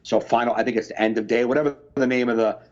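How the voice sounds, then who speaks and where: A man co-hosting a podcast, chatting casually, telling stories at length with restarts and quick bursts of mimicry. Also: mid-range voice, lo-fi sound. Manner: rambling, animated storytelling with impressions. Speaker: podcast co-host. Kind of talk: casual chat.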